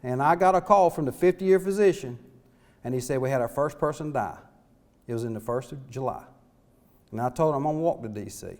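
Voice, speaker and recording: A man's voice: mid-range voice, brisk, a little mellow. A middle-aged man, a small-town mayor giving an impassioned, folksy speech full of rhetorical questions at a conference. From North Carolina. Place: conference hall.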